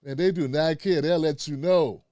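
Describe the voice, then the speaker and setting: A warm, high-leaning voice with a steady tone belongs to a middle-aged live-stream host speaking at normal speed. Chatty and relaxed, he calls out to viewers, the chat, and his producer, often saying "man" and "fam." The audio is studio quality with no echo.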